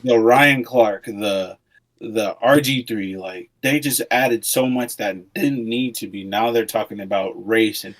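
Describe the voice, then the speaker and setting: A man's voice: on the low side, unhurried, fairly bright tone, rough recording. A man co-hosting a sports podcast, chiming in casually with short agreements before building his own point. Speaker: podcast co-host.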